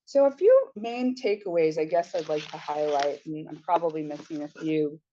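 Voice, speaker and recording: A woman sociology professor giving a lecture and reading from her own book, measured, with small restarts. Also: deep voice, expressive, mellow, muffled recording, slight background noise.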